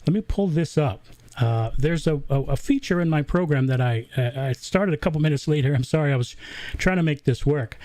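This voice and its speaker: A man's voice: fairly high pitch, lively intonation, fairly quick, dark tone, no echo. A man from the American South with a Southern accent, hosting a casual livestream Q&A and chatting through it with lots of fillers and restarts. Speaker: host.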